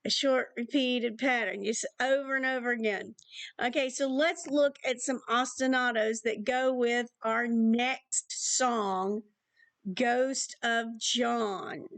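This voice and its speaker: A woman music teacher with a high, smooth voice walks her class through beat, rhythm and repeated patterns. She talks slowly and speaks the rhythms aloud in counting syllables. The sound is close and dry. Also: steady tone, a bit bright, no echo. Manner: clapping out rhythms with counting syllables, upbeat and explanatory. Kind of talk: recorded distance-learning lesson.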